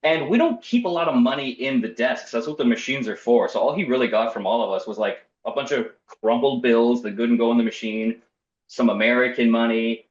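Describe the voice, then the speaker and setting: On roomy, slightly dull podcast audio, a young man appears as a storyteller guest, recounting something that happened to him in a casual, wry, self-deprecating manner and performing quoted voices. He talks fairly quickly at a medium pitch.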